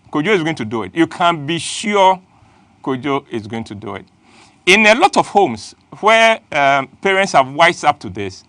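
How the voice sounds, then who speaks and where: A man's voice: a little high, fairly bright tone, no echo. A middle-aged man, hosting a playful, emphatic motivational talk. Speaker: host.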